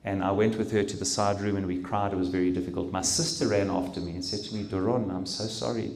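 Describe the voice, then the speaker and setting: A middle-aged man giving an emotional personal testimony at a talk, speaking haltingly with pauses and restarts. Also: sits low, level tone, darkish tone. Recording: roomy hall echo.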